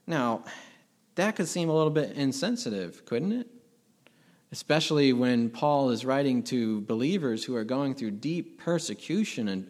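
Earnest man preaching a sermon. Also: mid-range voice. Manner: earnest, emphatic preaching with rhetorical questions. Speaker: pastor.

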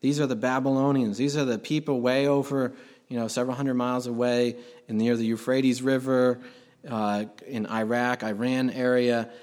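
A man's voice: medium pitch, level tone, normal speed, darkish tone. Emphatic conversational male preacher. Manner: conversational and emphatic, with sudden swells in volume. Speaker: pastor. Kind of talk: sermon.

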